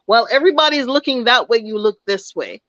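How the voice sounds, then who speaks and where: A woman's voice: on the high side, expressive, quick pace, a bit bright, dry recording. Woman in her 30s giving a motivational talk, preachy and folksy, dull dry recording. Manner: emphatic and preachy, with folksy asides. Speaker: motivational speaker.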